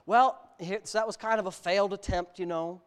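A man's voice: high-pitched, fairly even intonation, brisk, smooth. A male pastor from the United States giving a candid personal testimony in a sermon, mixing self-mocking humor with serious storytelling.

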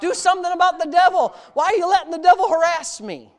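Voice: very high voice, fast talker, pitched above the performer's own voice. A preacher voicing a whiny churchgoer who begs God to get the devil off their back, in a mocking, pleading tone during a sermon. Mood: whining.

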